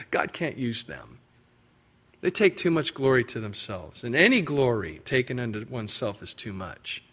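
Animated man preaching a sermon. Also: moderate pace. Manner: animated, acts out biblical quotes with rising pitch and emphasis. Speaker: pastor.

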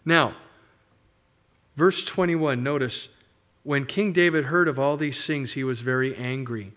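A middle-aged man preaching a sermon, animated, slipping into quick mock voices for the people in the story. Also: mid-range voice. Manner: animated preaching, mimics characters in asides. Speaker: pastor.

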